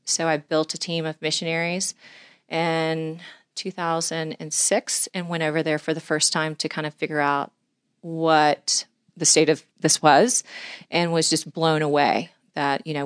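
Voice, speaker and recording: A woman's voice: low voice, flat delivery, a little slow, smooth, no echo, clean studio sound. A middle-aged woman telling long, heartfelt stories as a podcast guest, earnest and sincere. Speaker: podcast guest, angler and mission leader. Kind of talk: conversational storytelling.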